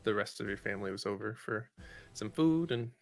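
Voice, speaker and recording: A man's voice: on the low side, lively intonation, brisk. A man co-hosting a morning gaming stream, chatting in a laid-back, easygoing way. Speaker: co-host. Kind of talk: casual livestream chat while gaming.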